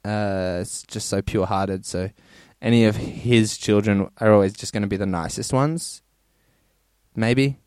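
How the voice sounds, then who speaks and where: A man's voice: lowish voice, steady tone, a little slow, a little mellow, smooth, no echo, clean studio sound. A man hosting a podcast, casually reading listener stories in a crude, rambling way and laughing often. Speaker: podcast host.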